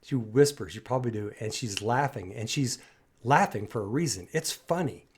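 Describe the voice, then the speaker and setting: A man's voice: medium pitch, expressive, normal speed, breathy edge. A man hosting a music reaction video, breaking down a singer's performance in an enthusiastic, admiring way that rambles with restarts. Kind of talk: music analysis commentary.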